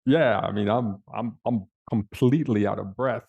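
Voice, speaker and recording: A man's voice: on the low side, normal speed, creaky, darkish tone, slightly rough, muffled recording. A man on a panel telling a personal story in a vivid, dramatic way with big swings in emphasis. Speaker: panel speaker.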